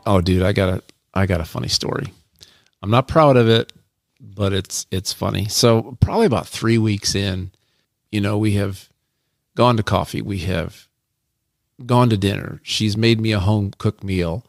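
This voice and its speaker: A man's voice: fairly low pitch, moderate pace, gravelly, dry recording, studio quality. A man co-hosting a podcast, telling a rambling, self-deprecating personal story with many restarts. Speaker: podcast co-host. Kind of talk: casual storytelling.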